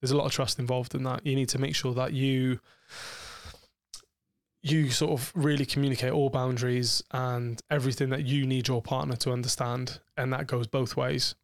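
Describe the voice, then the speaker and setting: A man's voice: mid-range voice, level tone, normal speed, dry recording, clean studio sound. A man, co-hosting a podcast, talking frankly and explicitly about sex in a rambling way with many fillers. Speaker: podcast co-host.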